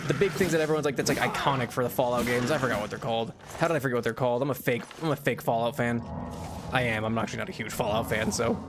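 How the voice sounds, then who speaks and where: A man's voice: medium pitch, racing, over music. A young man streaming a video game, chatting casually and rambling with lots of restarts and laughs. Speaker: VTuber streamer. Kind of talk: casual gameplay commentary.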